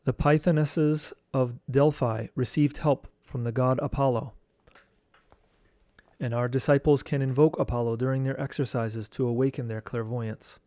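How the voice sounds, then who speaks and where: A man teaching esoteric studies, reading a lecture text aloud in a slow, measured way and chanting mantra syllables. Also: mid-range voice, fairly even intonation, mellow, no echo, studio quality.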